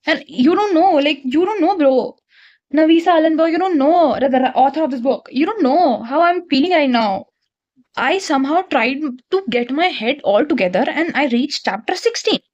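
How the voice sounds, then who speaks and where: A woman's voice: sits high, animated, normal speed, a little mellow, lo-fi sound. A young woman, reviewing a book to camera in an exasperated, ranting way. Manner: exasperated, ranting, talks straight to viewers.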